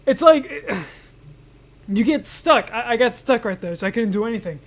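A young man giving let's-play commentary, excitable, yelping and shouting at enemies, then calmly musing. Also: extremely high pitch, a little slow, heavy background noise. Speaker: gaming YouTuber.

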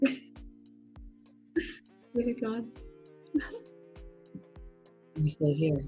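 A woman's voice: low voice, animated, very slow, dark tone, soft background music. A woman, an actress, chatting casually with fans on a signing livestream from home, laughing often as she reads the chat aloud.

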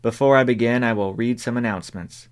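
A man's voice: medium pitch, fairly quick, smooth, natural voice. A man reading the part of a stern preacher, speaking formally and declaiming to a congregation. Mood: solemn. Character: stern middle-aged male preacher addressing his flock.

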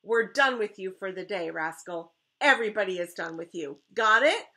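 A woman's voice: mid-range voice, lively intonation, normal speed, pushed and bright. A woman voicing a stern, exasperated father who scolds his child in a read-aloud storybook. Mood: scolding. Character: exasperated dad, stern and tired.

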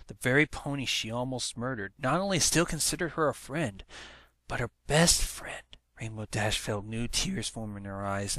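A man narrating a fan fiction story aloud in a plain, even reading voice. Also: fairly low pitch, dry recording. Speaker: amateur reader.

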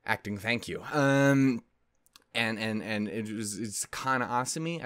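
A man's voice: fairly low pitch, moderate pace, fairly bright tone, dry recording, studio quality. A man telling a story to his video audience in a rambling, casual way. He interrupts himself often and swears a lot. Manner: rambling, self-interrupting, swears a lot, keeps saying "anyway, point is". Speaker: anime video creator.

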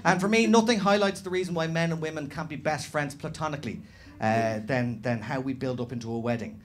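A man doing animated stand-up storytelling on a comedy club stage, slipping into other people's voices. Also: a little high, fairly quick. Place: comedy club stage before a live audience. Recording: live room with audience laughter.

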